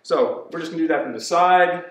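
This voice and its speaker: A man working as a fitness trainer, calmly cueing a kettlebell routine step by step. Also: a little high. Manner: cueing movements step by step, slow and deliberate. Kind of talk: instructional exercise demonstration. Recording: echoey room, voice from far off.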